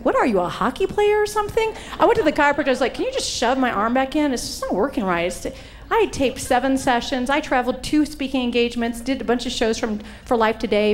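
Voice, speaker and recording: A woman's voice: on the high side, a little hiss or hum. A middle-aged woman preaching, telling stories with humor and acting out the voices in quotes. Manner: animated, acts out voices in quotes. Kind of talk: humorous sermon storytelling.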